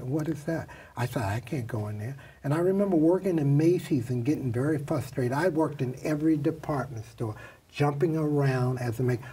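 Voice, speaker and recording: An older man telling his stories as an interview guest, acting out everyone he quotes. His voice is deeply husky and the mic sits some way off. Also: mellow, distant mic. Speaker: makeup artist guest. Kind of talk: storytelling interview.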